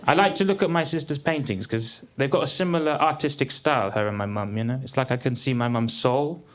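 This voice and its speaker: A man in his thirties doing a stand-up comedy set on a theatre stage, with a dry, deadpan delivery. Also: medium pitch, fairly quick. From England. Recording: live theatre with crowd laughter. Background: audience laughter.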